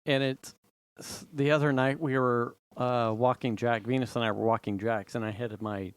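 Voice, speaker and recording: A man's voice: mid-range voice, little pitch movement, moderate pace, clear, resonant tone, no echo. A man co-hosting a podcast in casual chat, loose and profane, telling stories with lots of laughter into a close mic. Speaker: podcast co-host.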